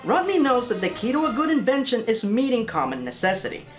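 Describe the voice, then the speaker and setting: A woman's voice: fairly high pitch, big pitch swings, fast talker. A woman narrating a comedic film review in a sarcastic, exasperated manner.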